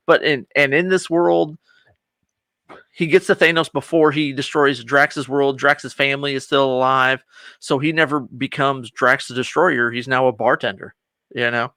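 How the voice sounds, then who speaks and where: Brief: man, bright and sharp tone, animated co-host, dry close sound. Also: medium pitch, moderate pace, dry recording. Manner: animated, acts out scenes. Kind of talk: casual reaction chat.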